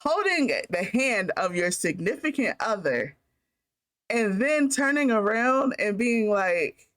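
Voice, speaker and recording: A woman's voice: a little high, lively intonation, moderate pace, a bit bright. Brash, profane storytelling woman. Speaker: podcast co-host. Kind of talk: casual chat.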